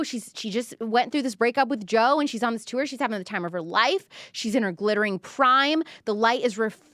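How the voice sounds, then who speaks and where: A woman's voice: a little high, fairly bright tone, no echo, studio quality. A young woman hosting a casual album reaction, gushing and chatty with lots of fillers. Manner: gushing, chatty, filler-heavy, reads lyrics aloud animatedly. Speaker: host reviewing an album.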